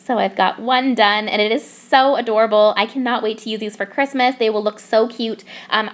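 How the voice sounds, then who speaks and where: A young woman from Canada narrating her craft process in a bubbly, gushing way. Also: fairly high pitch. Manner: bubbly, gushing over cute details. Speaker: craft YouTuber.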